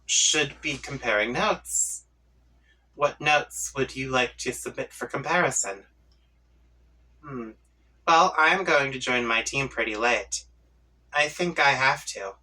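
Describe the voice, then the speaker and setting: A comic-reading channel host reads a webcomic aloud with his reactions, unhurried and playful, putting on voices for the characters' chat lines. His mid-range voice is bright and forceful, but he sits a little back, far from the mic, and the audio is poor.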